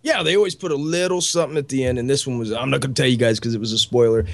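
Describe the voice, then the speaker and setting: A man in his thirties with young children, co-hosting a show in casual chat, excitable and rambling, laughing often. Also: mid-range voice, racing, creaky. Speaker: co-host.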